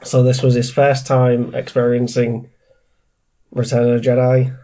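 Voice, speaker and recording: A man with a blocked, congested voice hosts a casual film-review podcast. His tone is dark and mellow, and he talks hesitantly, restarting his sentences with plenty of fillers. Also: medium pitch, completely flat delivery, measured pace, poor audio. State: stuffy and congested from a cold. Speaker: podcast host.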